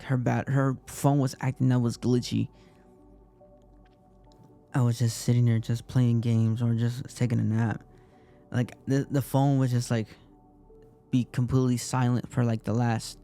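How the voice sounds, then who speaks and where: A young man tells a personal story, rambling and emotional, full of "I was like." His voice is gravelly and mellow, dropping soft at times. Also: mid-range voice. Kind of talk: casual confessional storytelling.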